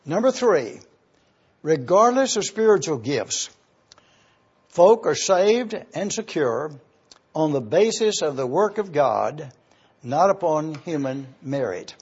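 A man preaching an evening sermon, teaching in a measured way and repeating key points slowly so listeners can write them down. He speaks to a congregation in an auditorium. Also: on the high side, sing-song, darkish tone, husky. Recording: dull lo-fi recording.

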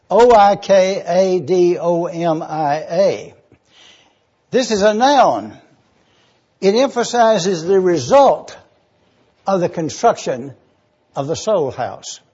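A man's voice: high-pitched, a little mellow, husky, highs cut off. A man preaching a sermon, eagerly teaching word meanings and spelling terms out letter by letter. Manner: enthusiastic teaching.

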